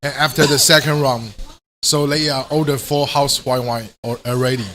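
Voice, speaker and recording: Bar owner in halting English. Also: male voice, mid-range voice, steady tone, sharp tone, slight background noise. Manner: simple broken English, halting. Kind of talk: casual chat.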